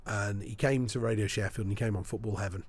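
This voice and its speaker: A sports broadcaster tells anecdotes in a podcast interview, a lively storyteller who acts out the people he quotes. He talks fast in a fairly low, slightly rough voice, with no echo.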